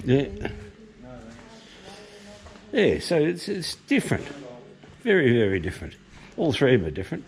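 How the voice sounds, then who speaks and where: Rambling gravelly Australian man. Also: mid-range voice, huge pitch swings, moderate pace, pauses often. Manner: chatty, rambling, casual swearing. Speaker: vlog host touring pubs. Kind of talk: casual walk-and-talk vlog. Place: outdoors and inside a country pub.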